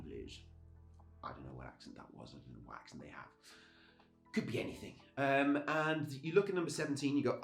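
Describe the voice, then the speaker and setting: A middle-aged male music teacher talks through a lesson in a chatty, upbeat manner, breaking off mid-thought and restarting. His voice sits at an ordinary pitch and carries noticeable room echo. Faint music plays underneath. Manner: chatty, upbeat, self-interrupting. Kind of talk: casual video lesson.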